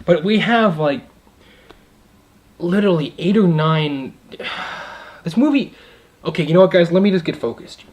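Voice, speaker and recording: A young adult man giving a casual video movie review, excited and rambling, with many asides and fillers. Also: a little high.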